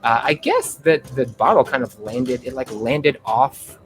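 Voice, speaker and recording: A man running a tabletop game as game master, narrating in a halting, chatty way full of "uh" fillers. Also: mid-range voice, faint music behind.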